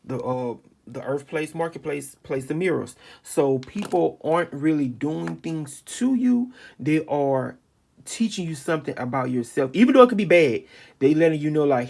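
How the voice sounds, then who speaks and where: A man's voice: fairly high pitch, animated, normal speed, gravelly, a little mellow. A man giving a casual astrology reading into a handheld phone, talking emphatically, rambling and repeating phrases as he goes. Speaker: astrology reader. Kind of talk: informal spoken astrology reading.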